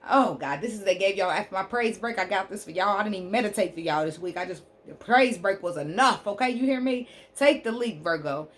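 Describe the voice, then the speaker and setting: A woman giving a tarot reading on her channel, preaching fervently to her listeners and softly repeating prayerful invocations as she draws cards. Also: mid-range voice. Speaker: spiritual healer and tarot reader.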